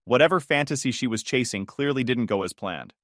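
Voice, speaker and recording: A man narrating a first-person story in a calm, detached, dryly sarcastic manner. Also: mid-range voice, fairly quick, no echo, studio quality.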